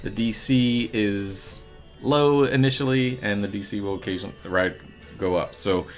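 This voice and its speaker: A man running a tabletop game as game master, unhurried and often laughing. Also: lowish voice, faint music behind.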